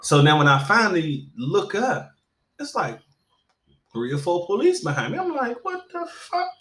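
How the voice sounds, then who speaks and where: Man telling a story in casual conversation: animated, profane, stammering restarts, echoey room. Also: a little high, normal speed.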